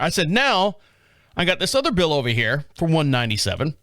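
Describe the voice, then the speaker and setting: A man's voice: high-pitched, very animated, moderate pace, bright, forceful tone, dry recording, clean studio sound. A man, hosting his own show, telling a rambling story and acting out both sides of a phone call. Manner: chatty, acts out both sides of phone calls in rambling asides. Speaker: podcast host. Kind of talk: casual storytelling monologue.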